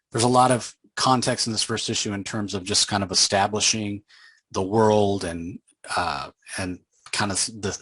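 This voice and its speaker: A man with a lowish voice, talking through a comic book story in a loose, meandering recap. He stops often on small fillers while he gathers his thoughts. The sound is close and dry, with no room around it. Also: a bit bright, no echo, poor audio. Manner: rambling, with frequent filler pauses.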